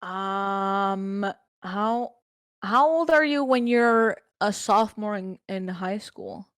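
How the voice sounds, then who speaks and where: A young woman streamer answering interview questions casually, halting with fillers as she talks. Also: mid-range voice, lively intonation, no echo, clean studio sound. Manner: hesitant, halting, with fillers and soft laughs. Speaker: streamer guest.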